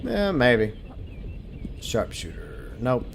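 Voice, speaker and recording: A man's voice: mid-range voice, wildly swooping pitch, extremely slow, vocal fry, a little hiss or hum. A man from Minnesota giving casual, joking commentary as he streams a game, swearing freely.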